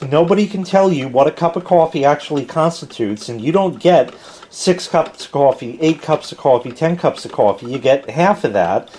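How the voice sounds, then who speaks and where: A man's voice: mid-range voice, darkish tone, a little hiss or hum. An American man in his forties rambling casually about his coffee maker at home, swearing now and then. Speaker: product reviewer. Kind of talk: casual chat.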